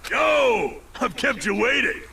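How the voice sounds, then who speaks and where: A booming gravelly strongman. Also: big pitch swings, takes it slowly, noisy background, heavily acted. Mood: boisterous. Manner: shouting, laughing heartily. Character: hulking loud male team manager, boisterous. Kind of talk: game dialogue read aloud. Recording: music playing behind.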